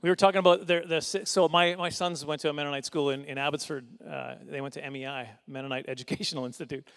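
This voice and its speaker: His voice sits on the high side, steady, a bit bright, clear and resonant. The middle-aged man is doing stand-up at a fundraising dinner, rambling, self-deprecating, and punctuating it with brief asides and chuckles.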